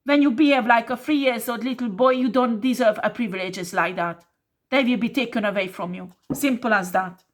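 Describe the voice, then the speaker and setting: A woman's voice: fairly high pitch, brisk. A woman giving a tarot reading who scolds her listeners bluntly and swears a lot, in non-native English phrasing. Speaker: tarot reader.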